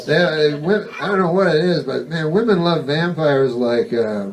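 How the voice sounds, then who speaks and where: A man doing a stand-up routine, rambling and deadpan, correcting himself and swearing casually, recorded live on stage. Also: on the high side, moderate pace, far from the mic, slight background noise. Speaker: stand-up comedian.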